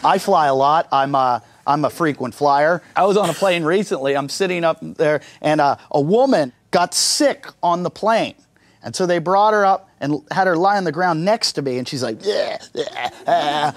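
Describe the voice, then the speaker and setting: A man's voice: a little high, animated, normal speed, no room sound. Crude, storytelling male stand-up comic. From United States. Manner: crude, conversational storytelling with acted-out voices. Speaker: stand-up comedian. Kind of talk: stand-up comedy set.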